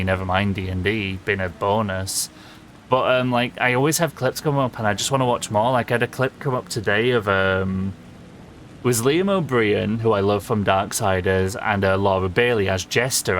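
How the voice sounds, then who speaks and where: A man's voice: on the low side, fairly bright tone, slight background noise. A young man with a Yorkshire accent, chatting casually with viewers while streaming a game, rambling and swearing freely. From England. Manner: rambling, laughs often, swears, answers chat. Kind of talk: casual live-stream chat while gaming.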